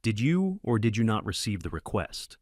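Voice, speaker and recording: A man's voice: very animated, moderate pace, no echo, studio quality. Man doing a stern old-school boss. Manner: sharp, booming.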